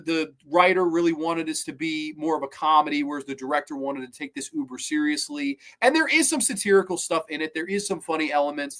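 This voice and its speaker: Enthusiastic young man with a higher voice. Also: fairly bright tone. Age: 20s. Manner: enthusiastic, swears freely. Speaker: movie reviewer. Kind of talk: casual spoken film review.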